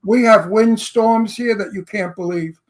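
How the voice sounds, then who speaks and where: A man's voice: high-pitched, fairly even intonation, measured pace. A man with a New York accent co-hosting a casual celebrity interview, talking bluntly and brashly. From Brooklyn, New York. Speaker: co-host.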